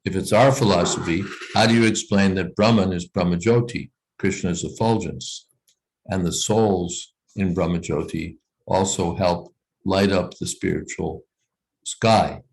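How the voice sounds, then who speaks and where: Low-voiced male teacher explaining scripture on a video call, unhurried and thoughtful. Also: rough recording. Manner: thoughtful, explains slowly with "you know" asides. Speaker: teacher leading a scripture reading class. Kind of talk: explanatory class discussion.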